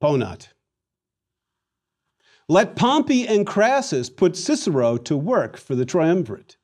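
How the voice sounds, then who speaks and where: Leading his class in repetition drills, an animated and theatrical man gives a recorded Latin lesson. He takes it slowly, and his voice is a little high.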